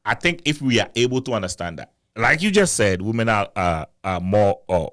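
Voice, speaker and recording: A married man in his thirties hosting a casual chat, animated, laughing often and repeating words as he argues a point. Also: lowish voice, fairly quick. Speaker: podcast host.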